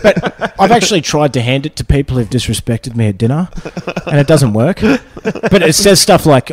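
Slow deadpan man. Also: a little high. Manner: slow, deadpan, self-deprecating. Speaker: podcast guest. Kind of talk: casual chat.

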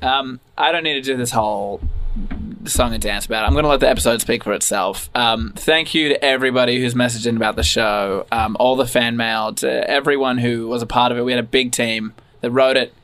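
A man's voice: mid-range voice, steady tone, fairly quick, a bit bright. A man hosting a comedy podcast, rambling and flustered as he gets interrupted. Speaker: podcast host.

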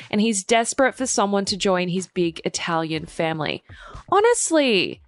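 A woman's voice: mid-range voice, fairly bright tone, no room sound. A young woman hosting a reality TV gossip show, reading a script with sarcastic, chatty asides.

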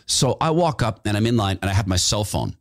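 Animated male radio host telling a story. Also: lowish voice, brisk, no room sound, clean studio sound. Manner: animated, acts out quoted voices. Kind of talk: storytelling monologue.

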